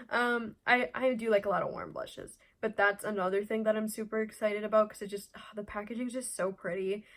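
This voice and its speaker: A woman's voice: medium pitch, a bit bright. A young woman giving blunt, rambling opinions in a casual beauty vlog, with lots of fillers. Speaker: beauty vlogger.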